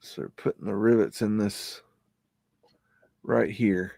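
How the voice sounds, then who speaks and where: A man's voice: on the low side, fairly even intonation, slow, warm tone, no echo. Rambling man, dry close mic. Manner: rambling, scolds his dog in a rough drawl. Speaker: host of a live stream. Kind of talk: casual live commentary over old photos.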